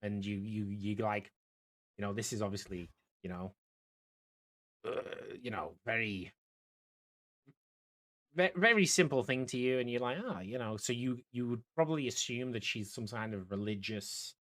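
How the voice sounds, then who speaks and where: A man's voice: on the low side, moderate pace, pauses often, fairly bright tone. A man narrating a tabletop game as game master, rambling with many fillers and restarts.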